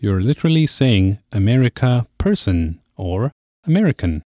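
A man's voice: on the low side, sing-song, moderate pace, warm tone, dry recording, studio quality. A man teaching a podcast language lesson, explaining patiently step by step.

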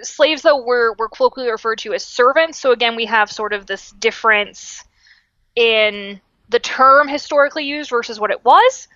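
A woman's voice: on the high side, moderate pace, no echo, dull audio. A young adult woman co-hosting a podcast, explaining history in casual talk with frequent fillers and restarts. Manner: lively, self-correcting, frequent fillers and restarts. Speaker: podcast co-host.

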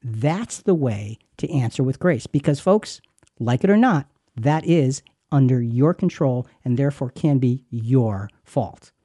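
A man's voice: mid-range voice, lively intonation, measured pace, mellow, breathy edge, dry recording, clean studio sound. A man co-hosting a Christian marriage teaching, talking with emphatic, preacherly repetition. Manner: emphatic, preacherly, repeats words. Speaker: Christian radio co-host.

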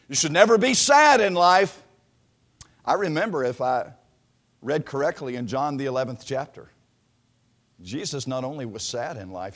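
A man preaching a sermon, swinging from loud proclamation to a hushed near-whisper and drawing out his words with emphasis. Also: fairly high pitch. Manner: slow, emphatic delivery with repeated words.

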